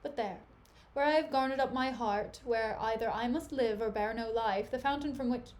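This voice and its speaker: A woman's voice: fairly high pitch, normal speed, natural voice. A woman reading the part of a jealous, anguished nobleman, declaiming his bitter lines. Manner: declaiming, bitter Shakespearean speech. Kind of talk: casual dramatic reading on a livestream.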